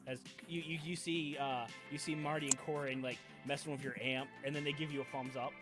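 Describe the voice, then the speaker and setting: A man running a tabletop role-playing game as game master, talking in a halting way with many fillers and restarts. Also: medium pitch, level tone, music in the background.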